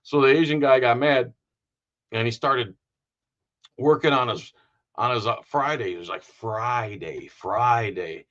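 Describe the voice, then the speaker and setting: A man's voice: medium pitch, normal speed, pauses often, fairly bright tone. Joking, rambling man on a lo-fi stream. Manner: rambling and joking, many fillers. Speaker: livestream host. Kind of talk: casual live-stream sign-off.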